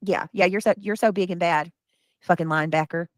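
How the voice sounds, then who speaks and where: A woman's voice: fairly low pitch, steady tone, fairly quick, no echo. A woman hosting a casual commentary chat, talking bluntly with lots of slang and swearing. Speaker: host.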